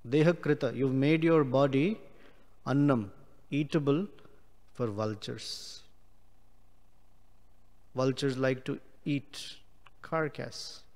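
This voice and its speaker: Slow-speaking man teaching scripture in a hall. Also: medium pitch, darkish tone. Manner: explains Sanskrit words slowly, with many pauses. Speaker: class speaker. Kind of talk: scripture class.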